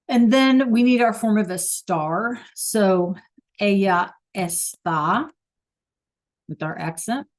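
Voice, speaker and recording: A woman's voice: medium pitch, a little mellow. A woman teaching a Spanish class over a video call, patient and checking in often with the students.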